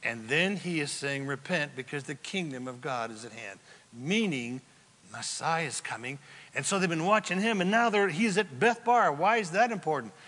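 A man preaching a sermon as a pastor, telling the story in a lively, joking way and acting out the quotes. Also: fairly high pitch, normal speed. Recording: long hall reverb from a large room.

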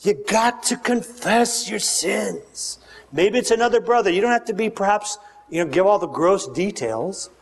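High-voiced animated preacher in a hall. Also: male voice, moderate pace, gravelly, a little hiss or hum. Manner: animated, joking, leads audience call-and-response. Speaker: pastor. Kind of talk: sermon. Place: large church hall with congregation. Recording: long reverb of a big hall.

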